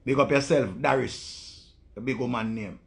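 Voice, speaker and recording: Gravelly Jamaican man ranting bluntly. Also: medium pitch, fairly even intonation, moderate pace. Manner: blunt, profane ranting in patois. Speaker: live-stream host. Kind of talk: casual monologue to viewers.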